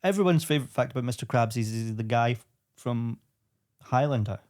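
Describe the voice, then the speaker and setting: A man guesting on a comedy podcast, rambling through jokes in a deadpan way. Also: mid-range voice, brisk. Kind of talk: casual comedy chat.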